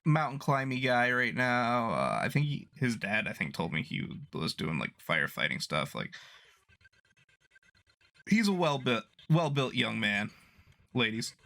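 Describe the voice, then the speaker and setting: A man's voice: medium pitch, very animated, measured pace, vocal fry, pushed and bright. A young man co-hosting a podcast, chiming in with clarifications and side comments. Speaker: podcast co-host. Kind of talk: casual chat.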